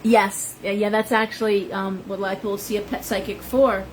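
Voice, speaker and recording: A woman's voice: mid-range voice, little pitch movement, a little fast, slight background noise, low-quality recording. A woman who runs a tarot shop, chatting with viewers on a live stream and rambling into stories. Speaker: shop owner and tarot reader.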